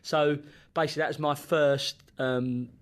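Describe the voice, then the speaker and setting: A man's voice: fairly high pitch, normal speed, smooth. A man, a podcast co-host, telling stories in casual chat, laughing and acting out quotes. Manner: animated, laughing, acts out quotes. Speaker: podcast co-host and former footballer.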